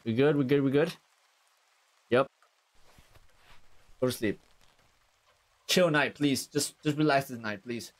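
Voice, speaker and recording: A man doing let's-play commentary on a horror game, cursing constantly and shouting at the characters on screen. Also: mid-range voice, slow pace, pauses often. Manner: profane, loud outbursts, talks to game characters. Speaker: gaming streamer.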